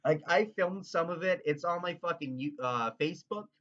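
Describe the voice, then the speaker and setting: A man from Canada rambling in an excitable, profane, casual rant. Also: a little high, moderate pace, highs cut off. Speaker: vlogger.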